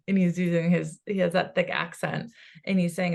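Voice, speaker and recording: A woman psychic medium in casual chat, talking in an animated, rambling way with quick asides. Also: lowish voice.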